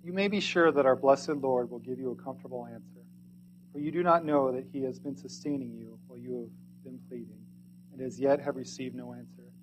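A man reading a sermon aloud in archaic English, earnest and pleading, swinging from loud to hushed. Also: medium pitch, brisk, music in the background, poor audio.

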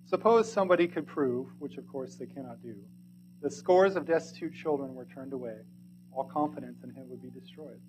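A man reading a sermon aloud in archaic English, earnest and pleading, swinging from loud to hushed. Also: medium pitch, a little fast, background noise.

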